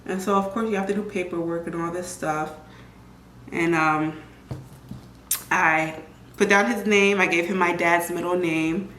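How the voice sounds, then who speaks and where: A young woman tells her own story in a loose, chatty vlog style. She is animated and often slips into other people's voices as she tells it. Her voice rings in an echoey room, with a faint hum of ambient noise behind her. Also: fairly low pitch, measured pace, pauses often.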